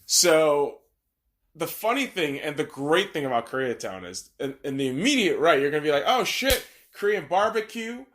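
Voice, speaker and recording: A man's voice: fairly high pitch, big pitch swings, moderate pace, fairly bright tone, a little hiss or hum. A man hosting a podcast, talking in a blunt, profane, ranting monologue. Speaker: podcast host.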